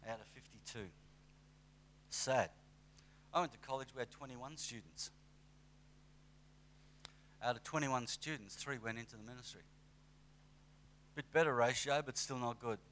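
Lively conversational male preacher. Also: medium pitch, a little slow, pauses often, slight background noise. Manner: conversational, animated with acted asides. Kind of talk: sermon.

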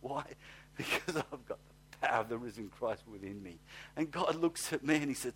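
A man preaching a sermon, swinging from hushed, slow reading to fired-up shouting, with blunt, folksy asides. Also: fairly high pitch, big pitch swings. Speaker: pastor.

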